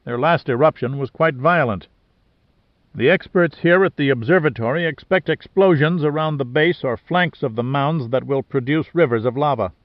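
A man narrating a thriller audiobook in a steady, even reading manner. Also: on the high side, normal speed, no echo. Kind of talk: scripted narration. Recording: dry, slightly dull lo-fi sound.

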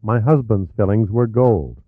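A man voicing a wealthy widow who speaks in a flat, clipped, controlled way. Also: lowish voice, unhurried, breathy edge, no room sound. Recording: tinny narrow-band audio.

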